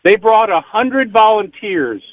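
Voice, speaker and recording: Candidate guy on the radio, eager, keeps talking, higher voice, muffled line. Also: animated, a little slow, no room sound. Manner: eager, talkative, repeats words. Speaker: political candidate guest. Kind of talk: radio interview call-in.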